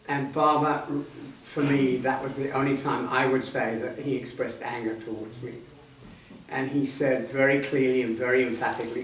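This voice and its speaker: A man in his seventies shares personal memories at a talk, speaking softly and reflectively and letting his sentences trail off. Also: medium pitch. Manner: reflective, soft-spoken, trailing off at line ends. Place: meeting hall at a centre. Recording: echoey hall, distant mic, faint noise.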